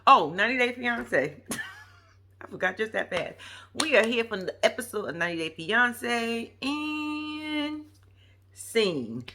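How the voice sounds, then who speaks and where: A woman vlogger talking straight to her viewers in loose, slangy reaction commentary. Her voice sits a bit high and swings up and down a lot, with a sharp, bright edge. She's playful and profane. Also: unhurried. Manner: chatty and animated, addresses viewers directly with slang; profane and playful, laughs often. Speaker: YouTube vlogger reviewing a reality show. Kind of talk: casual reaction vlog commentary.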